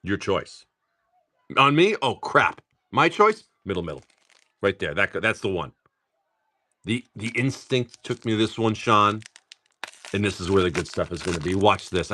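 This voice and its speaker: Male live-stream host, casual and profane, bright and animated delivery. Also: lowish voice, moderate pace. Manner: upbeat, swears casually, greets viewers by name. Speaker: live-stream host opening card packs.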